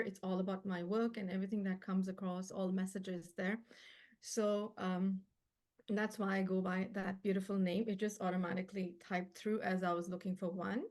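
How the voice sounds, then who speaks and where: Soft-spoken woman, a healer guest. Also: medium pitch. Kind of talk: casual chat.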